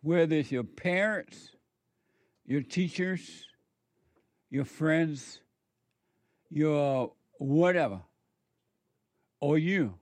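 A man delivers a moralizing monologue in a slightly higher voice, unhurried and emphatic. He repeats words to drive his points home. The sound is close and dry. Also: animated, darkish tone, no room sound.

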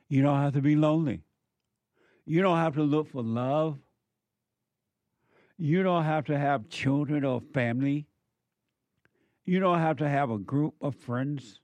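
A man hosting a spiritual call-in radio show, talking in a slow, preachy way with repeated emphatic phrases. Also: on the high side, darkish tone, no echo.

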